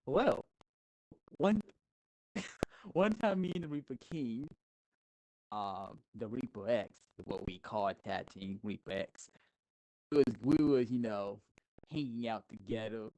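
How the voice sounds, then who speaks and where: A man's voice: mid-range voice, expressive, takes it slowly, long pauses, warm tone, low-quality recording. A man as a podcast guest telling a rambling, casual story, with restarts and chuckles.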